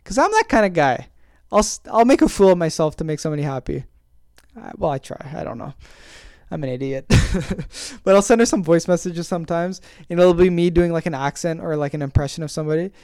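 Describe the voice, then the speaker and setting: A man's voice: fairly high pitch, expressive, brisk, darkish tone, smooth, dry recording. A man hosting a casual solo podcast, rambling and self-deprecating with many fillers. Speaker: podcast host.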